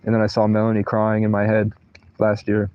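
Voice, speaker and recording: The voice is on the low side, delivered completely flat and brisk, with the highs cut off. A man livestreaming from inside a tent during a thunderstorm wanders through personal anecdotes, swearing and abandoning sentences midway.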